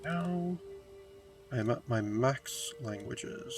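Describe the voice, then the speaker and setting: Man, game commentary, wry in-character ruler talk, reads event text aloud, soft music underneath. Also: mid-range voice, moderate pace. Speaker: game streamer.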